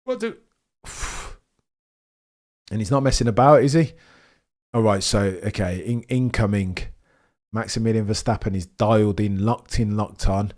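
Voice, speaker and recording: A young man hosting a live race watchalong stream, chatting excitedly to his viewers. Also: mid-range voice. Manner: excitable, chatty, talks straight to chat. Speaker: livestream host watching a race.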